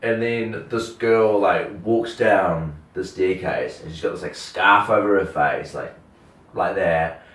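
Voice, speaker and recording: A man's voice: low voice, takes it slowly. A young man, telling a rambling story in casual chat, packed with "like" and acted-out quotes. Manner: rambling, animated, full of "like" and quoted voices. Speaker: radio host telling a story. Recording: roomy, distant mic.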